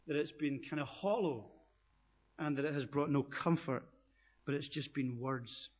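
A man preaching a sermon as pastor, earnest and building to emphatic high peaks. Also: normal speed, husky. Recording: dull echoey hall recording.

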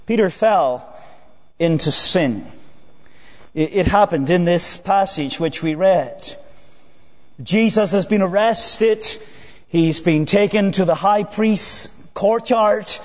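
A man with a high voice preaches an evening sermon, earnest and deliberate, sinking low and slow on his key phrases. His voice rings through a church with a long, lingering reverb.

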